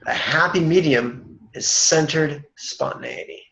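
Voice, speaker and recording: A man leading a guided meditation as its teacher, speaking in a slow, measured way and dropping dry jokes between chants. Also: medium pitch, gravelly, pushed and bright, rough recording.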